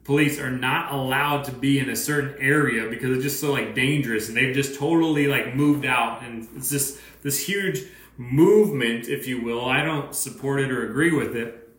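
A man's voice: mid-range voice, moderate pace, a bit bright. A man giving a casual, conversational sermon as pastor, full of "right?" asides and fillers. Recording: echoey room.

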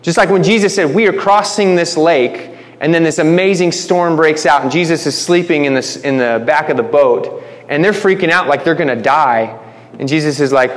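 At a normal speed and a fairly high pitch, a man leads a relaxed Bible-study sermon. He restarts phrases, addresses the group as "guys," and his voice rings with long hall reverb.

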